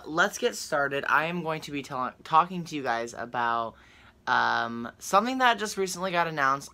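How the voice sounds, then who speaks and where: A young woman talks straight to her viewers in a casual vlog, reading out an article and reacting as she goes. Her voice sits low yet sounds bright and forceful, and her chatty delivery is full of fillers and false starts. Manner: chatty, excitable, with frequent fillers and restarts. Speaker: vlogger.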